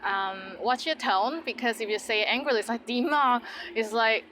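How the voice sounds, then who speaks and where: A woman's voice: on the high side, fairly quick, pushed and bright, a little hiss or hum. A woman giving a bilingual language lesson, upbeat and demonstrative, modeling phrases with playful intonation. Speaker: language teacher.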